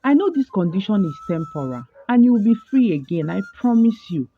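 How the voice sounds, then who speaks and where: A woman's voice: mid-range voice, big pitch swings, a little fast, phone-quality sound, slight background noise. Woman playing a tearful, comforting queen mother. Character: grieving queen mother, tender.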